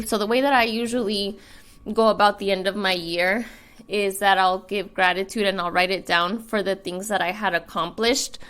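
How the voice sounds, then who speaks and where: A woman co-hosting a relaxed podcast, mid-pitched and quiet. She feels her way through her thoughts with pauses, fillers and restarts. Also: clean tone. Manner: soft-spoken, hesitant with many ums. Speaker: podcast co-host. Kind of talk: casual chat.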